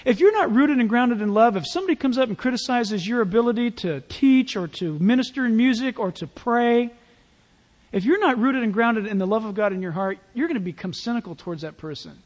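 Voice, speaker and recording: Very high-voiced man preaching in a reverberant hall. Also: brisk. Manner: conversational, animated preaching with playful asides. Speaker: pastor. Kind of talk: sermon.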